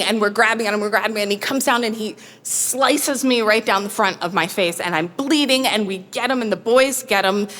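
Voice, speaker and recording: A woman telling a true story on stage in a wry, self-mocking, animated way. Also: medium pitch. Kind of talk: live comic storytelling. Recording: long hall reverb.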